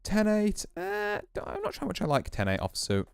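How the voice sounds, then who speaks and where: A man's voice: high voice, huge pitch swings, brisk, creaky, smooth, no room sound, faint music behind. A man streaming a poker game, casually musing and explaining his hands as he plays. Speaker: VTuber streamer. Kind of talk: casual poker play commentary.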